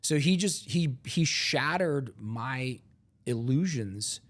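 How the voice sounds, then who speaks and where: Animated storytelling man. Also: medium pitch, slow. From Ohio, USA. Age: middle-aged. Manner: animated, acts out both sides of dialogues, stammers when emotional. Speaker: guest, entrepreneur. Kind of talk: emotional personal storytelling.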